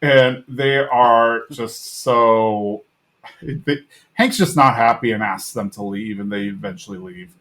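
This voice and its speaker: A man's voice: medium pitch, slow pace, fairly bright tone. A man hosting a podcast, retelling a TV episode in a casual, rambling way with lots of fillers. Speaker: podcast host.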